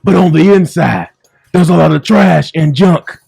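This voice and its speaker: A man's voice: a little high, a little slow, vocal fry, breathy edge, no room sound, exaggerated voice. A man voicing a flamboyant bishop with a Southern accent, preaching in a raised, rhythmic delivery. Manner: preachy, rising and shouting.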